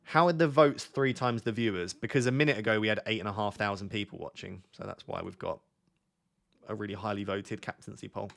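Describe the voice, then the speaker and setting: A man's voice: fairly low pitch, brisk, vocal fry, a bit bright. A young man hosting a livestream in casual chat, laid-back and joking, rambling with lots of fillers. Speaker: livestream host. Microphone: on a mic near the camera.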